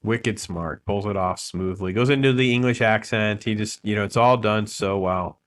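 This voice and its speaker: A man's voice: fairly low pitch, normal speed. A man hosting a casual livestream film discussion, enthusiastic and thanking viewers. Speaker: host of a film talk stream.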